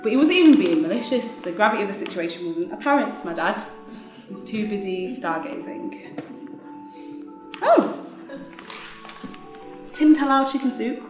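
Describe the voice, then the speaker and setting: A woman's voice: medium pitch, fairly quick. Woman in a wry one-woman stage monologue. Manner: wry, lively storytelling with laughs. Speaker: solo stage performer. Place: theatre stage. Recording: echoey theatre with faint music.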